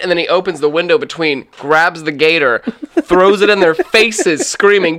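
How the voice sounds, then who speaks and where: A man with a bright, forward voice hosts a loose comedy podcast. He rambles and jumps into goofy character voices as he tells a story. The sound is close and dry. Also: fairly high pitch, fast, clean tone, no echo. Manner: rambling, acts out silly voices in stories. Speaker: podcast host. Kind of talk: casual comedic podcast chat.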